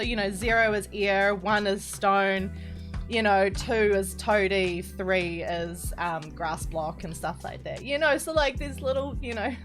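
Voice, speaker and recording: A young woman, chatting casually and giggling as she streams a building tutorial and reads out her chat. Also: medium pitch. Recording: music playing behind.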